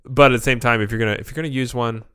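A man's voice: medium pitch, fairly even intonation, very fast, fairly bright tone, smooth, no room sound, studio quality. A man co-hosting a podcast, chatting casually and telling stories with animation. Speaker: podcast co-host. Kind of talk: casual chat.

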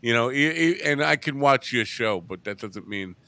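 A man's voice: medium pitch, lively intonation, normal speed, a crowd in the background. A middle-aged man hosting a casual chat show, teasing his guest and joking gloomily about himself. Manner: teasing, gloomy and self-mocking. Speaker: show host.

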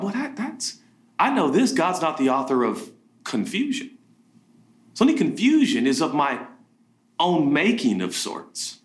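A man preaching a sermon, animated, acting out quoted voices with big jumps in pitch. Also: echoey room. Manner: animated, acts out voices of biblical figures and himself with pitch jumps. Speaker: pastor.

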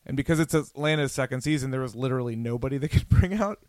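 A man's voice: medium pitch, fast, darkish tone, no echo, clean studio sound. A man co-hosting a podcast, chatting casually and enthusiastically, often laughing as he talks. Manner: enthusiastic, laughs while talking. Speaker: podcast co-host.

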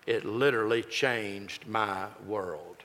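Man in his sixties, folksy joking preacher, bright forceful tone, long hall reverb, sermon storytelling. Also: lowish voice, takes it slowly. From Texas. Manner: folksy, joking, lively delivery. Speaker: pastor.

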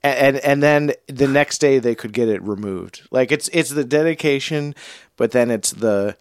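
A man from New England speaks as a guest on a podcast, in a halting way with frequent restarts. He has a middle pitch, and the studio sound is very dry, with no room echo. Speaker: guest musician. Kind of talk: casual chat. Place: recording studio.

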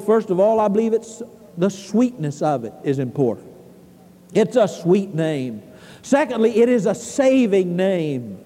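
A man preaching a sermon in a church, fervent, swinging from loud cries to hushed tones. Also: high voice. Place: church sanctuary. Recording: long hall reverb.

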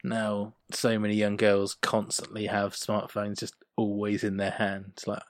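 A podcast co-host with a lowish, monotone voice speaks a little slowly, with no echo. He chats casually and animatedly while recapping a sitcom episode.

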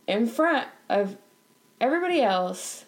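Young woman ranting storytime style, exasperated, laughs a lot, voice goes up when she's mad. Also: measured pace. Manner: animated and exasperated, laughs often, voice jumps higher when upset. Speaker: bank teller telling a work story. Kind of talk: storytime vlog, casual chat.

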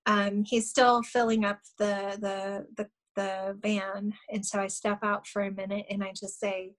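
A woman's voice: medium pitch, level tone, a little slow, rough recording. A middle-aged woman, a guest on a podcast, earnestly telling a personal story with many fillers and small laughs. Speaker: guest, shamanic healer.

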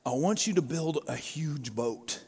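A man's voice: fairly high pitch, expressive, a little slow, darkish tone, husky, long reverb tail, heavily acted. A man voicing God, who speaks with earnest grief and gives firm instructions. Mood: grieved. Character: God, a grieved, commanding divine male voice.

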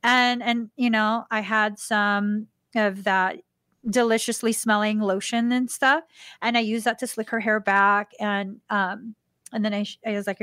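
With a clear, resonant voice at a slightly slow pace, the host of a spiritual podcast shares a personal story in a casual way. She acts out quoted dialogue in a higher voice and goes soft and hushed in tender moments. The studio recording is clean with no echo.

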